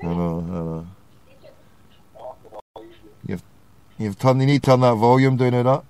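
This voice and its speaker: A man's voice: medium pitch, lively intonation, a little slow, a little mellow, smooth. A man with a Glaswegian accent hosting a casual call-in show and teasing his callers. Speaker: host of a call-in internet radio show. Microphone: phone call.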